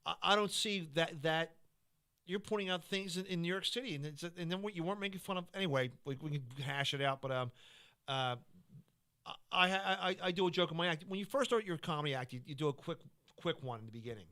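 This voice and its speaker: A man's voice: on the high side, fast, sharp tone. A man who is a comedian, chatting casually on a podcast, rambling through his stories with frequent stammering restarts.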